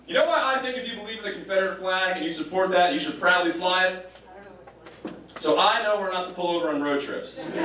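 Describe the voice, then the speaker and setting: A man doing a stand-up comedy set on a club stage with a live audience, animated and shouting his punchlines. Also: sits high, a little fast. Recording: echoey club, distant mic, crowd noise. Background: audience laughter.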